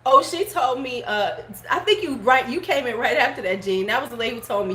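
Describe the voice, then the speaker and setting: Middle-aged woman host, blunt and frank, chatting back to live comments; a fairly high voice with light background noise. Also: animated, fairly quick, a bit bright. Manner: blunt, frank, laughs often, curses freely. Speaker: beauty vlogger host. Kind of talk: casual livestream chat. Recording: roomy home room with faint background noise.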